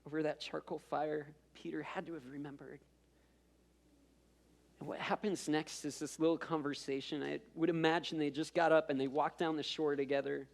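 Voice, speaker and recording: A man's voice: on the high side, flat delivery, moderate pace, vocal fry. A man preaching a sermon as pastor, telling a story in a conversational way with self-deprecating asides and repeated words as he builds up.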